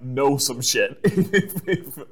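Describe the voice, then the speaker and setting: A man's voice: medium pitch, animated, breathy edge. A man co-hosting a podcast, recapping in casual chat with frequent laughs and fillers. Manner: chatty recapping, quick laughs, many fillers.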